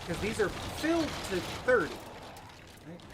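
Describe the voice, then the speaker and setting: A man's voice: high-pitched, big pitch swings, unhurried, heavy background noise. Rambling man streaming a racing game. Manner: rambling, jokey, chats with viewers. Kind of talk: casual live-stream chat.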